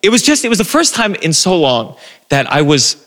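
A man telling a self-deprecating personal story on a live stage, animated, with stumbling restarts. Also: high-pitched, brisk, long reverb tail. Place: live stage before an audience.

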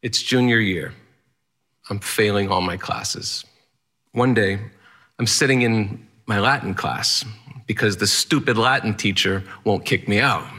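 A man tells a personal story on stage in the present tense, building it from short, rhythmic phrases. His voice sits slightly low but has a bright, forceful edge. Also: unhurried. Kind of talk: first-person storytelling performance.

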